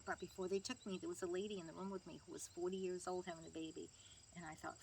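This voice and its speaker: An older woman with a slightly low voice tells her grandchildren how their family began. She chats loosely, laughs, and acts out the people in her memories. Faint crickets chirp behind her. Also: little pitch movement, fast, a little hiss or hum. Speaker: grandmother being interviewed. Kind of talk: family storytelling interview.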